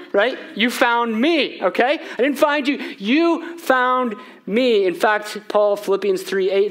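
Higher-voiced pastor preaching conversationally. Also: male voice. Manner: conversational preaching with rhetorical questions. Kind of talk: sermon. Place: church sanctuary.

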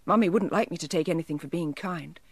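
A woman's voice: lowish voice, quick pace, husky, no echo, clean studio sound. A woman voicing a kind, polite little boy who speaks earnestly, in a storybook reading. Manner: earnest and well-mannered.

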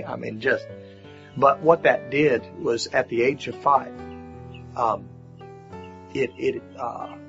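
A man's voice: mid-range voice, vocal fry, fairly bright tone. A middle-aged man giving a personal testimony, telling his story plainly with fillers and repeated words. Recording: slightly dull lo-fi audio with faint music.

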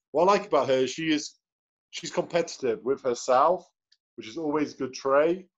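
A man hosting a sales team video call, chatting cheerfully and greeting people one by one. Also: mid-range voice. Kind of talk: upbeat motivational team call. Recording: dull lo-fi video call audio.

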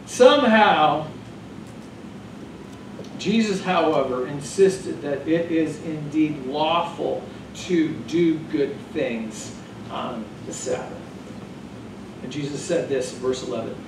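Animated pastor preaching in an echoey church. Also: male voice, fairly high pitch, takes it slowly, pauses often, noisy background. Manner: animated, joking, conversational preaching. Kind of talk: sermon. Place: church sanctuary. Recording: echoey room from far off.

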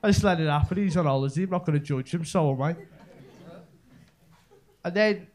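A young Merseyside man with a Scouse accent rambles through a live stand-up set packed with local slang, his voice fairly high, brisk and a bit dark in tone. It's recorded in a comedy club, with the audience laughing in the background.

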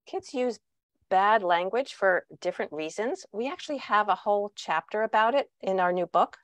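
Animated woman author on a video call. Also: mid-range voice, normal speed, no echo. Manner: animated, acts out quoted voices. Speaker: parenting author and guest speaker. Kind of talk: answering questions on a video call.

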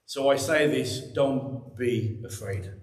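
Speaking slowly in a mid-range voice, a pastor addresses his church congregation over a microphone. The echoey room carries a sermon that is emphatic, conversational, and packed with repetition.

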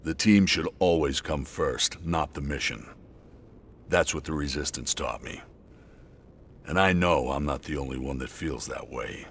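A man's voice: a bass voice, fairly bright tone, a little hiss or hum, full character voice. An actor playing a blunt, argumentative male resistance corporal in a video game. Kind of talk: video game cutscene acting.

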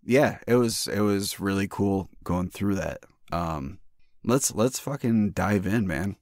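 Deep-voiced joking male podcast host. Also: a little mellow. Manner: joking, profane, halting restarts. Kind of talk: casual chat.

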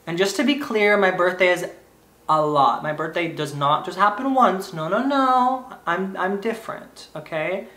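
A man's voice: high-pitched, expressive, normal speed, bright, forceful tone. A man vlogging in a goofy, rambling way, breaking into sing-song bits and playful asides to the viewer. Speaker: YouTube vlogger. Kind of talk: rambling comedic vlog. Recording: roomy echo.

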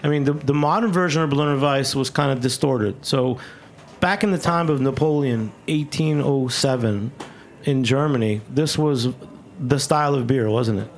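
A man hosts a radio talk show from a studio, enthusiastic and a bit rambling, repeating words as he goes. His voice has a gravelly creak, and a faint noise sits in the background. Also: medium pitch, normal speed. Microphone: studio microphone.

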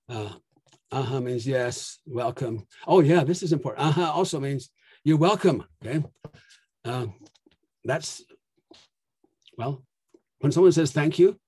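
A man delivers a conference talk and keeps checking that his listeners are following. His voice is mellow and a little husky, and the sound is dry and close with no room echo. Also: mid-range voice. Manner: explanatory, checks in with frequent "okay?". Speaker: conference plenary speaker. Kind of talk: lecture presentation.

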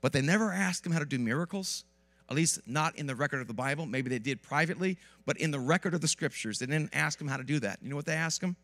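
A man preaching a lively sermon in a church with asides to the congregation, while he has a cold. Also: fairly high pitch, quick pace. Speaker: pastor. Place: church sanctuary.

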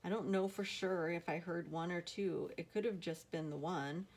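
An earnest young boy, unsure and a little anxious, as a woman reads him aloud in a storybook. He speaks sincerely and simply, with a voice pitched slightly low. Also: fairly even intonation, normal speed, darkish tone, slightly rough. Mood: uncertain. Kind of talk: audiobook reading.

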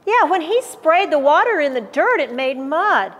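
A woman museum docent reading a picture book aloud to children in a gallery, pausing to explain words. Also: high voice, big-room sound. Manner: animated, explains words to kids.

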